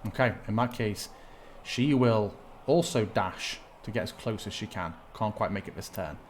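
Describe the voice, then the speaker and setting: A man's voice: on the low side, moderate pace, a little hiss or hum. A man narrating a tabletop game as game master, thinking aloud as he checks rules.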